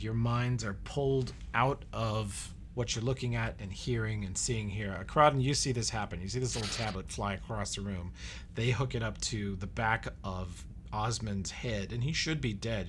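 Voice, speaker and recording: A man's voice: fairly low pitch, moderate pace, a bit bright, slight background noise. A man narrating as game master of a tabletop game, describing the scene in vivid detail.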